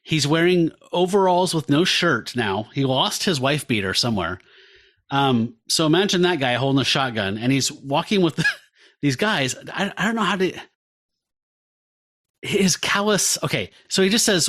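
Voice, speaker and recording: A podcast host with a fairly high-pitched voice chats through comic panels, animated and rambling, dropping "um" and "like" as he goes. He sounds relaxed and enthused in casual talk. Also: normal speed. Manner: animated, describes panels with many fillers. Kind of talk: casual comic-book discussion.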